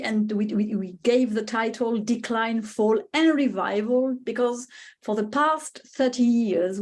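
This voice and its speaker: A woman with a French accent, a native Spanish speaker, giving a webinar lecture with many pauses and fillers. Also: on the high side, darkish tone. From France. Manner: hesitant, many fillers and restarts. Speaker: guest speaker.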